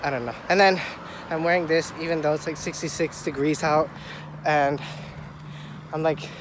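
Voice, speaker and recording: Out of breath and congested, a young adult man chatters and swears with excitement in a casual walking vlog, filming on a phone held out at arm's length. The city street around him adds faint traffic noise, and he speaks at a moderate pace in a fairly high voice.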